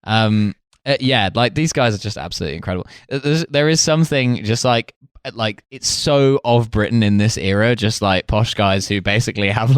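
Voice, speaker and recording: A man's voice: fairly low pitch, brisk, clean tone, no echo, clean studio sound. A man hosting a comedy podcast, reading notes in a jokey, laughing way with many fillers. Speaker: podcast host.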